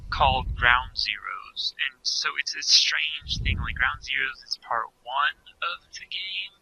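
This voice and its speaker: Bright man, halting podcast chat. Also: medium pitch, slight background noise, rough recording. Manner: halting, restarts a lot, knowledgeable about games.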